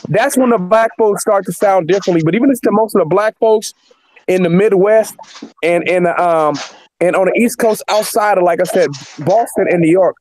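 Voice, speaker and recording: A man's voice: high-pitched, moderate pace, no room sound. A man hosting a casual chat. He talks emphatically and repeats phrases as he builds his point. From Northern California. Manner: animated, repeats himself, emphatic. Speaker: host.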